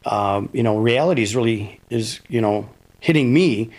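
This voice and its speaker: A middle-aged man from Minnesota, a high school science teacher, recalling events in an interview with halting restarts and fillers. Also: a little mellow. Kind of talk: interview recollection.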